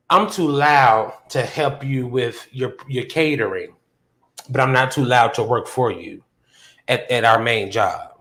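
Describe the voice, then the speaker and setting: Speaking unhurriedly in a normal middle pitch, a podcast host casually chats on his own live show via a phone on a hotspot. He's relaxed and talkative, recounting a workday story with animation and shooting up high in pitch to act out how he reacted.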